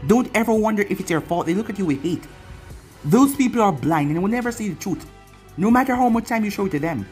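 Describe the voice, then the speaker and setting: The story's narrator voicing a loving, protective mother who heads a ninja clan, reading a fan fiction aloud in a gentle, earnest manner. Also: medium pitch, expressive, fast, faint music behind, lightly acted.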